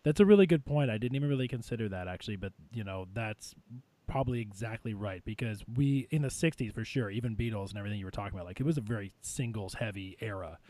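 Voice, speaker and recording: A man's voice: on the low side, quick pace, mellow, dry recording. Rambling man chatting about records. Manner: rambling, lots of fillers, laughs easily. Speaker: podcast host ranking albums. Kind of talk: casual chat.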